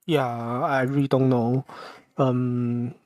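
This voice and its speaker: A man livestreaming while he programs, thinking aloud in a mumbling, halting way and questioning himself as he goes. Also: medium pitch, level tone, darkish tone, dry recording.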